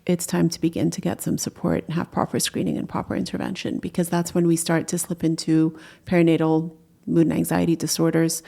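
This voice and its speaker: A woman hosting a podcast, interviewing a guest in a calm, informative and affirming way. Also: low-pitched, a little fast, vocal fry, hardly any pauses. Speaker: podcast host and doula educator. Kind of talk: interview and scripted outro.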